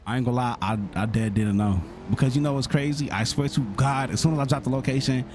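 A man's voice: medium pitch, fast, a little mellow, slight background noise. A young man streaming a roleplay game, talking in a rambling slangy way full of "you feel me" and filler. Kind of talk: in-character streetwise roleplay talk.

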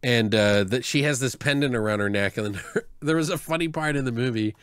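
A man co-hosts a horror podcast and retells a movie in loose, rambling chat. His voice sits at an average pitch, and he laughs and curses as he goes. The mic sound is close and dry. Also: fairly quick, fairly bright tone, clear, resonant tone, no echo. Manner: rambling, laughs often, swears, mimics characters. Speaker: podcast co-host. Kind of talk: casual movie review chat.

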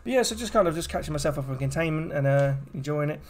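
Streaming a horror game with its music in the background, this gaming streamer rambles and chats with his viewers, often speaking directly to chat. He has a fairly high, expressive, slightly mellow voice and a quick pace.

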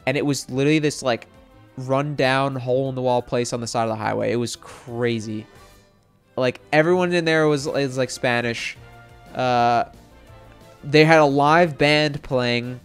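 A man's voice: mid-range voice, smooth. Rambling young man telling a story. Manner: rambling, heavy on "like" fillers and swearing. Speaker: streamer. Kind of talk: casual storytelling rant.

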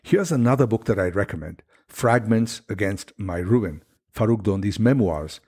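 A man hosting a podcast, reading a scripted introduction with a deliberate, slightly ironic delivery. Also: fairly low pitch, lively intonation, a little mellow, slightly rough. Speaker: podcast host.

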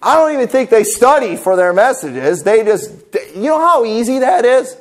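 A man's voice: very high-pitched, big pitch swings, normal speed. A man, preaching a sermon in a church, conversational with joking, mocking asides. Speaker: pastor. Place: church sanctuary.

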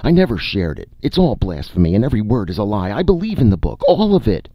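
A man's voice: low voice, big pitch swings, normal speed, no room sound, pitched above the performer's own voice, heavily acted. A man voicing a frantic young male needlesmith who protests shrilly, in an audiobook. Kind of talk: audiobook character voice. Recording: dull, dry audiobook recording.

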